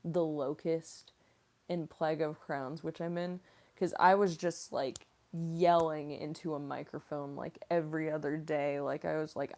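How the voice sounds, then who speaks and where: Slow, chatty young woman streamer. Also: low-pitched, darkish tone. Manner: chatty, giggly, heavy on "like". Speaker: voice actress, streamer. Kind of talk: casual livestream Q&A.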